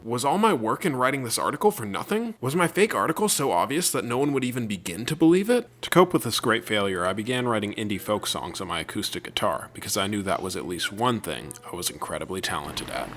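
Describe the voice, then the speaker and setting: A young man narrating a comedy video in a dry, sarcastic, deadpan way. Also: on the low side, quick pace, hardly any pauses, soft background music.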